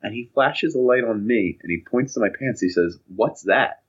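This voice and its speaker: A young man telling casual anecdotes on a podcast, animated and acting out the voices of people in his stories. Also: mid-range voice, brisk. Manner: animated, acts out voices in anecdotes, laughs often. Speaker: podcast co-host. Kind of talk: casual storytelling chat. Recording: dull lo-fi podcast audio.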